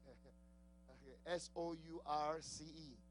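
A man with a non-native English accent and a fairly high voice preaches a sermon at a very slow pace, with slight background noise. He laughs often, puts questions to the congregation, and repeats key words.

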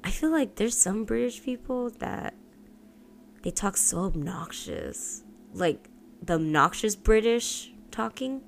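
A woman's voice: mid-range voice, lively intonation, takes it slowly, creaky, slight background noise. A woman co-hosting a casual podcast chat, swearing freely and laughing often. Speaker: podcast co-host.

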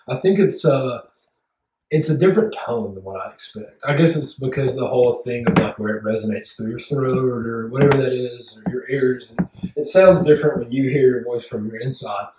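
A man's voice: medium pitch, a little fast, echoey room, distant mic, noisy background. A man with a Southern US accent co-hosting a podcast in casual chat, rambling along with mock-formal wording. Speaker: podcast co-host.

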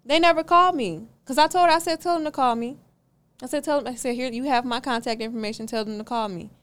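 A woman's voice: on the high side, fast talker, a little hiss or hum. A young woman, a podcast guest, telling a story in a casual interview and acting out both sides of it. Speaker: podcast guest, car rental owner.

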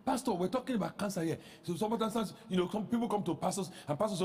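A man pastor preaching a sermon, animated, with rhetorical questions that rise into shouts. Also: high voice, fast, few pauses, big-room sound.

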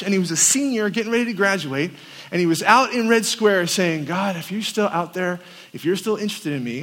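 A man's voice: high voice, a bit bright. A man, a campus pastor, preaching a sermon and telling stories, animatedly acting out the quotes. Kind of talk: sermon with storytelling. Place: large hall at a winter camp. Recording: long reverb of a hall.

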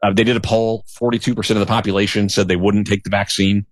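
A man's voice: lowish voice, little pitch movement, quick pace, no room sound. A middle-aged man telling a story in casual chat, rambling, profane and sarcastic.

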